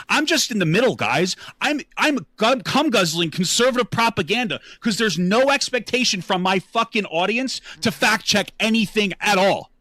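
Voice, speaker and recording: A man's voice: very high voice, bright, forceful tone, no room sound. A man livestreaming angry, profane commentary with a sarcastic edge.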